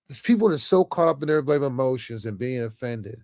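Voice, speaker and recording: A man's voice: medium pitch, animated, brisk, few pauses, darkish tone, dry recording, studio quality. A man giving an off-the-cuff political rant to camera, emphatic and repetitive, stammering often and ending phrases with "man". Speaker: political commentator vlogger.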